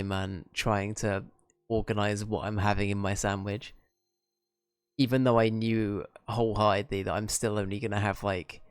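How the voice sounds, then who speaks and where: A man's voice: on the low side, clean tone, dry recording. A young Englishman chatting casually and rambling with self-mocking humour while streaming a game. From England.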